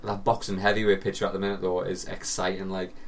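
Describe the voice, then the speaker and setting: Podcast co-host, man, swears freely, lowish voice, distant mic. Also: completely flat delivery, quick pace, slight background noise. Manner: swears freely, riffs with jokey asides. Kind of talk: casual chat.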